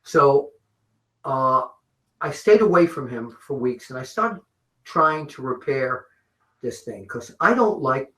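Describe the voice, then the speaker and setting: A man's voice: medium pitch, slow pace. Older man telling stories in an echoey room. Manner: animated storyteller, swears freely. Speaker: interview guest, wrestling journalist. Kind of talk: shoot interview storytelling. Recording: roomy echo.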